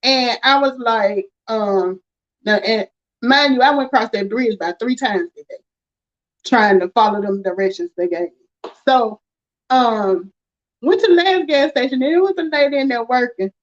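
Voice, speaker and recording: Woman, high voice, chatty storyteller, slightly dull lo-fi sound. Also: normal speed. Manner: animated, rambling, laughs often. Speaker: live stream host. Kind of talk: casual storytelling chat.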